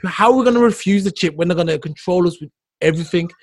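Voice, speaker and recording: A man hosting a casual podcast, his voice husky and a bit high. He argues each point emphatically. The sound is dry and close. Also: fast, dry recording. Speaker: podcast host. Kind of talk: casual chat.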